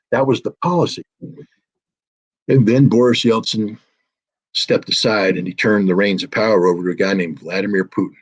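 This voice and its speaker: A man's voice: lowish voice, husky. A man in his sixties giving emphatic political commentary as a podcast guest, acting out quoted voices along the way.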